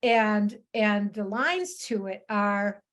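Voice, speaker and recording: A woman speaking on a video call, telling a personal story in an animated, chatty way with frequent laughs. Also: mid-range voice, slow pace. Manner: animated, laughs often, many restarts. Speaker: author and psychotherapist, guest speaker. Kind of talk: casual storytelling talk. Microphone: laptop video call.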